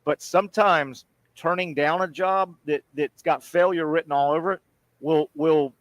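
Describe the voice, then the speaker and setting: A man's voice: on the high side, steady tone, moderate pace, no room sound, low-quality recording. A man co-hosting a casual sports talk show live from a sports bar, chatty and agreeable, often tossing in "right?" and "yeah". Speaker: sports radio co-host.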